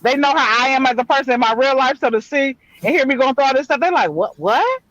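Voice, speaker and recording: A middle-aged woman with a very high voice that swings widely, chatting on a live panel. She talks in an animated, slangy way, full of exclamations. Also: fast talker, dry recording, low-quality recording. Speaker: panel host. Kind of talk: casual chat on a live panel.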